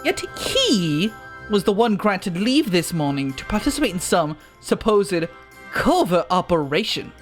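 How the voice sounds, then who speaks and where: A man's voice: sits high, big pitch swings, faint music behind. A man putting on a whiny pompous young noble. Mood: complaining. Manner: haughty, drawn-out complaining. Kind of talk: reading game dialogue aloud.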